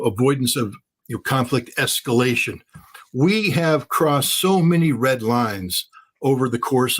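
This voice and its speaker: A man speaking as an interview guest, talking fast and emphatically, hammering points home by repeating phrases. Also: medium pitch, a bit bright, breathy edge. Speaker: guest commentator. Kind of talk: heated interview commentary.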